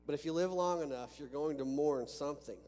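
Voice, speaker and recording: A man's voice: on the high side, brisk, mellow. A man preaching a sermon to a congregation in a church, talking conversationally with restarts and rhetorical questions. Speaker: pastor. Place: church sanctuary with a balcony. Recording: long reverb from a church hall with faint hum.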